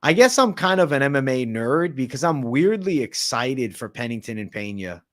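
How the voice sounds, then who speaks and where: A man's voice: medium pitch, sing-song, moderate pace, a bit bright. A man hosting a casual late-night livestream Q&A, chatting in a laid-back, slangy way and answering viewers. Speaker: MMA livestream host.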